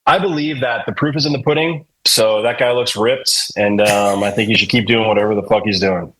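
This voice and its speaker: A man from New England with a husky, slightly raspy voice, talking loosely and profanely as a podcast guest. He tells long, meandering stories and jumps into quoted voices. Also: on the low side, fairly quick, fairly bright tone, rough recording. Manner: rambling, profane, joking, acts out quotes. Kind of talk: casual storytelling chat.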